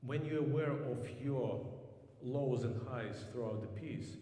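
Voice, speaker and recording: A man teaches a piano master class, his mellow voice ringing through a large, echoing hall. He talks thoughtfully, clears his throat often, and sings snatches of music to make his point. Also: mid-range voice, unhurried. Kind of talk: coaching a student at the piano.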